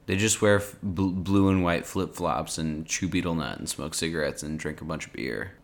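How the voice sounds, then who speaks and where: A man's voice: deep voice, moderate pace. A man co-hosting a casual podcast chat, talking hesitantly with lots of likes and restarts. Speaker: podcast co-host. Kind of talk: casual chat, reading a transcript aloud.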